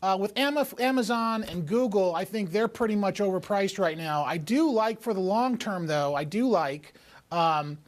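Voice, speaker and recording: A man appearing as a guest financial advisor, giving careful, hedged stock opinions. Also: high voice. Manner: measured, hedging answers. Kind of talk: remote TV interview.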